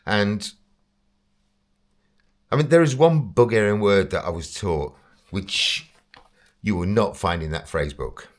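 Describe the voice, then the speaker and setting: A man's voice: lowish voice, takes it slowly, pauses often. An English man telling a casual, rambling story about himself, chatty and self-deprecating, often breaking into laughter. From England. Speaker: vlogger.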